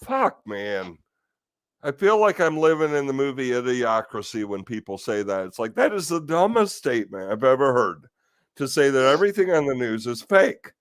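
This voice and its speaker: A man's voice: medium pitch, big pitch swings, moderate pace, no echo. A man hosting a casual talk stream, ranting in exasperation with rhetorical questions and the odd curse. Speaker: host of a live talk stream.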